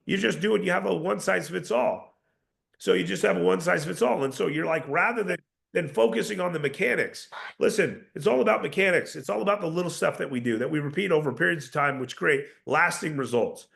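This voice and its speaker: In a sales training lesson, a man coaches his listeners, repeating his points and demonstrating different tones aloud. His voice is fairly bright, a little high for a man, with a gravelly rasp.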